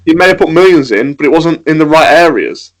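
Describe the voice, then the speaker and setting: Fast-talking man ranting. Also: fairly high pitch, poor audio. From England. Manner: ranting, swears, quick and animated. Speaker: podcast co-host. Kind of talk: casual football chat.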